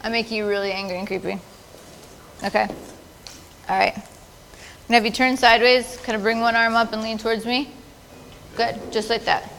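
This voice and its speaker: A woman's voice: on the high side, fairly even intonation, fairly quick, gravelly, long pauses, a bit bright, in a large hall, a little hiss or hum. A woman photographer directing models at a live shoot, with playful, encouraging directions. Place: large studio with audience.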